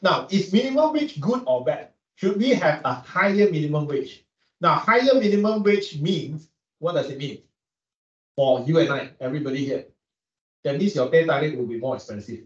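A man with a Malaysian English accent gives a classroom lecture, pitched a bit high and caught from a distance. The room rings with echo and the sound is dull. He keeps checking in with the class through quick rhetorical questions. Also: animated. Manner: asks students frequent rhetorical questions; repeats words while searching for them. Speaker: economics lecturer.

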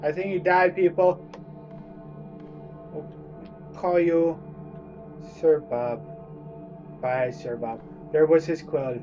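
Male let's-player, high and animated voice, jumpy with loud swearing, muffled lo-fi sound with music behind. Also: takes it slowly, long pauses. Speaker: gamer playing a horror game. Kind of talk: let's play commentary.

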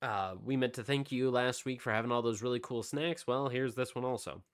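A man's voice: mid-range voice, brisk, clean tone. A man co-hosting a casual podcast, rambling through release dates and snack news with lots of fillers. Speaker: podcast co-host. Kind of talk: casual chat.

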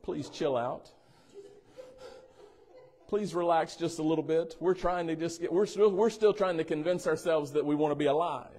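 Man, pastor, playful sermon delivery with call-and-response asides, voice a bit high. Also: moderate pace, mellow. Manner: playful, teasing asides, asks congregation for responses. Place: church sanctuary.

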